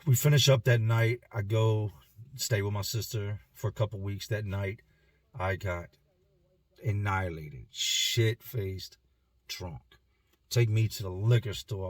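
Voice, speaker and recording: A man's voice: fairly low pitch, no room sound. A man telling his own life story in a candid, emotional way, with casual slang and repeated words. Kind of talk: personal storytelling to camera.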